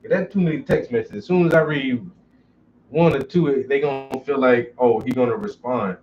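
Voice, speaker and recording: Working on a painting during a stream, a man tells crude, jokey stories in a relaxed way. He speaks at normal speed with medium pitch, and the recording sounds distant, dull, and lo-fi, with faint noise.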